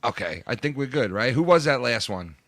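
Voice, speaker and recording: A man co-hosting a casual live stream, excitable and swearing as he handles the stream. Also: mid-range voice, a little fast, slight background noise. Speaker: co-host and producer.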